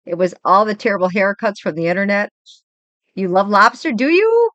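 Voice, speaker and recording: An older woman and grandmother hosting a casual livestream chat, rambling and animated as she tells stories from home. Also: mid-range voice, fairly quick, dry recording, lo-fi sound. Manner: chatty, rambling, animated storytelling. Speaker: livestream host.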